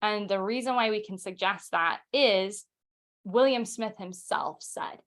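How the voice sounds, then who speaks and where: Medium-pitched and quick, a young woman chats her way through a casual history podcast at home. She stumbles into fillers and restarts now and then while reading quotes out loud.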